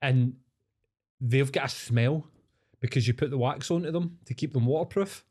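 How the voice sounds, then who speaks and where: A man's voice: mid-range voice, normal speed, a little mellow, breathy edge. Sweary Scottish man telling rambling stories. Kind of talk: casual chat.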